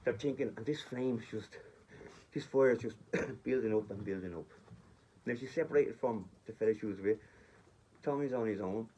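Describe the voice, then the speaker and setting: A man's voice: lowish voice, moderate pace, warm tone, a little hiss or hum. Rambling man telling a story. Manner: rambling, chatty, addresses listeners directly. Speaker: vlogger. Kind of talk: casual storytelling.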